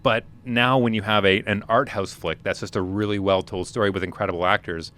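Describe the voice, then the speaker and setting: Bright-voiced man, rambling opinions. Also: fairly low pitch, steady tone, brisk. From Manitoba, Canada. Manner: opinionated, rambling with frequent restarts. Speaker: podcast co-host. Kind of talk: casual conversational podcast.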